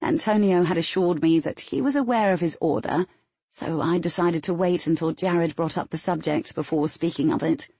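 A woman reading a first-person novel aloud in a steady, matter-of-fact storytelling manner. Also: fairly low pitch, normal speed, husky, no echo. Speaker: audiobook narrator. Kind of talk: first-person scripted narration.

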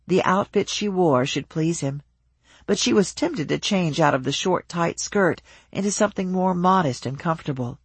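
A measured audiobook narrator carries the story at an even pace. The voice is husky and close, recorded dry. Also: medium pitch, no room sound.

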